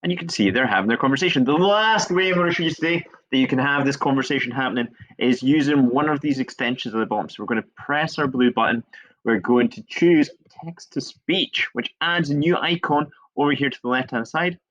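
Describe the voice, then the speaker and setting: A male teacher walking through a coding tutorial step by step, chatty and relaxed, shrugging off his own small mistakes. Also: medium pitch, a little fast. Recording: dull lo-fi screen recording.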